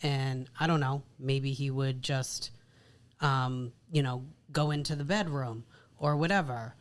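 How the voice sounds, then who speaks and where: A woman's voice: a bass voice, unhurried. A woman co-hosting a podcast about marriage, talking casually and leaning on "like" and "literally.". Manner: chatty, repeats "like" and "literally" often. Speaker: podcast co-host. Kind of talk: casual chat.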